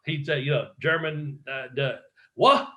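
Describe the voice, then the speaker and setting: A former wrestler telling stories in a casual interview, swearing freely and acting out what other people said. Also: male voice, fairly high pitch, fairly quick, dull audio. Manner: profane, animated storyteller acting out quotes. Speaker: guest, former pro wrestler.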